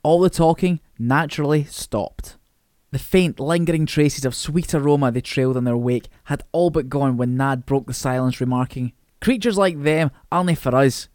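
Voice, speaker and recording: A man's voice: mid-range voice, fairly even intonation, normal speed, a little mellow, clear, resonant tone, no echo, studio quality. Man reading a novel. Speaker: narrator.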